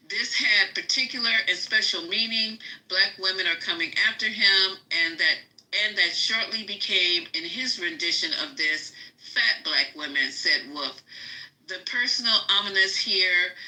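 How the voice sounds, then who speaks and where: A woman hosting a live talk show, reading a news article aloud with halting fillers and restarts. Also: lowish voice, sharp tone, low-quality recording. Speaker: podcast host.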